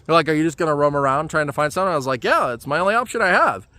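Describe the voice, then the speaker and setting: Lively, bright-voiced man telling a travel story. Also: on the high side, rapid-fire. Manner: animated, exasperated retelling with fillers. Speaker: travel vlogger. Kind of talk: casual storytelling vlog.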